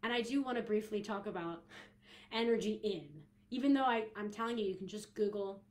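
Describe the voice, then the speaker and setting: A woman's voice: mid-range voice, brisk, darkish tone. Chatty, giggly young woman podcaster. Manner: chatty, giggly, lots of fillers and restarts. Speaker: podcast host and coach. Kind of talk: casual podcast talk.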